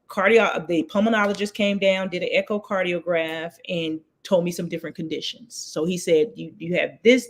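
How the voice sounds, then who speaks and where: Woman telling her story on a chat show, really animated, does everybody's voices. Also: fairly low pitch. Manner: animated, acts out quoted voices. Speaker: guest. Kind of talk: storytelling in a casual interview.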